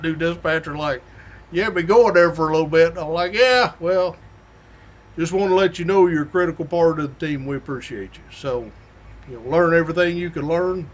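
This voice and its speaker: A middle-aged man, a police sergeant, telling stories in a folksy, drawling way and chuckling as he goes. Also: a little high. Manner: folksy, drawling, laughs through his stories. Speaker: state police sergeant hosting a weekly show. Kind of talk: casual storytelling monologue.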